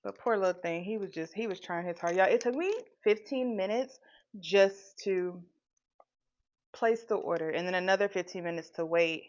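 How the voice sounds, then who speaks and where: A woman's voice: fairly low pitch, moderate pace, a little mellow. A young adult woman hosting a casual live stream and chatting straight to her viewers in a rambling, talkative way. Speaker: host of her own channel, live stream. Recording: dull lo-fi sound.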